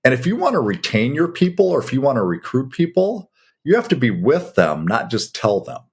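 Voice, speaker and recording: A man's voice: mid-range voice, wildly swooping pitch, a little fast, husky. A middle-aged man co-hosting a coaching podcast, talking in a blunt, folksy, conversational way. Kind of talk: casual coaching talk.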